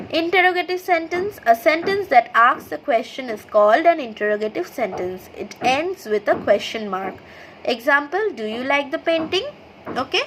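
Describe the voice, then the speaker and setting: A woman's voice: high voice, a bit bright, slight background noise, low-quality recording. A woman with an Indian English accent teaching an online English grammar lesson to school children, reading example sentences and naming their punctuation step by step. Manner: reads sentences aloud, then names the punctuation; slow, explanatory, checks in with "okay". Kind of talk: online class lesson over slides.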